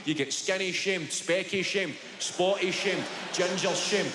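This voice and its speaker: In an echoey theatre filled with loud laughter and background noise, a high-voiced Glaswegian comic in his thirties works a live audience. His stand-up is sweary and story-driven with quick asides, and he comes from Scotland.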